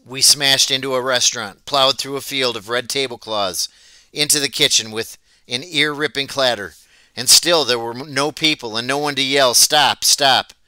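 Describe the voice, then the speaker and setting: A man reading a novel aloud as an audiobook, telling it in a plain, steady way. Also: mid-range voice, moderate pace, clear, resonant tone, no room sound. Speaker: audiobook reader. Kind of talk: storybook read-aloud narration.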